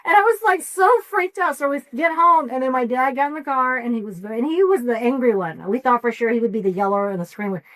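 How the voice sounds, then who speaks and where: A woman in a casual comedy chat, telling a story expressively and rising into loud quoted screams. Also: sits high, quick pace, hardly any pauses, rough recording. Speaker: podcast co-host.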